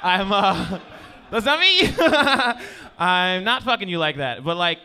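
A male stand-up comedian with a high, bright voice that swoops all over the place. He rambles and pokes fun at himself, checking in with the crowd again and again. He is performing live on a stage. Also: very animated, slow pace. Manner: rambling, self-deprecating, keeps asking "you know what I mean". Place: stage before a live audience.

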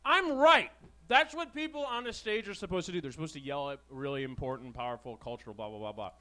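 A man's voice: on the high side, animated, fast, sharp tone. A young man hosting a live comedy talk show, riffing through a crude, sarcastic stand-up monologue on a stage microphone. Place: small live comedy venue. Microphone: handheld stage microphone.

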